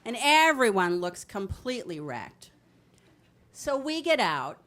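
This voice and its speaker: A woman's voice: fairly high pitch, slow, raised voice. A woman in her fifties from New Jersey, telling a brash, comic true story on stage into a microphone. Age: 50s. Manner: brash, comic, animated delivery. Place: storytelling stage in a city venue.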